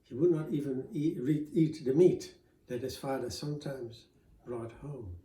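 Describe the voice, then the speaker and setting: A man telling a folk tale aloud in a relaxed, conversational way, with fillers and restarts. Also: medium pitch, a little slow, echoey room. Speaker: storyteller.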